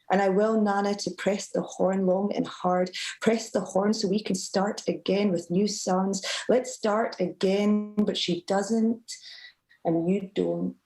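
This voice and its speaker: A woman, a student poet, reading her poem aloud at a live event with a measured, emotive delivery. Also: mid-range voice, creaky, warm tone, rough recording. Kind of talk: poetry reading.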